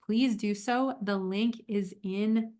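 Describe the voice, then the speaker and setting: A woman health coach talking warmly to her viewers on a livestream, moving from a program pitch into a guided visualization. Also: steady tone, slow pace. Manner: upbeat and encouraging.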